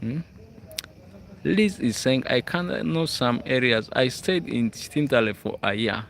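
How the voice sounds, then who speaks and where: A man's voice: mid-range voice, measured pace, fairly bright tone, a little hiss or hum. A man from Uganda with a Ugandan English accent, chatting casually on a livestream and reading out viewers' comments. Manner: chatty, reads out viewer comments, frequent "hmm?" check-ins. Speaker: livestream host. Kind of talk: casual live chat. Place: school grounds at night, outdoors.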